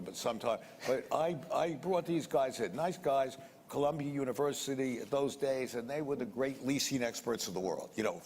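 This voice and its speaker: Recorded in a reverberant room with a little background noise, an older interviewee tells a wandering, anecdotal story. His speech is colloquial and keeps repeating sound words, delivered in a mid-range, slightly mellow voice.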